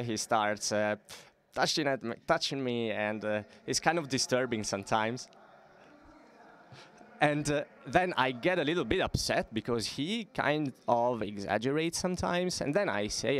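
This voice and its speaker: A man interpreting a stage talk into English, halting and using fillers. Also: mid-range voice. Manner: halting, with frequent fillers and restarts.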